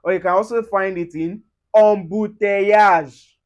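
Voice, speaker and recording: Man teaching, slow and careful. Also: high-pitched, steady tone. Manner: slow, careful repetition of example words. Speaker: French tutor. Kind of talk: pronunciation lesson.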